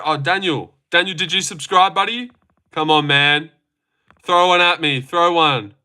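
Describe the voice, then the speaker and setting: A man's voice: fairly high pitch, measured pace, bright, forceful tone. A young man hosting a casual live stream from his phone, joking, swearing now and then and answering chat comments.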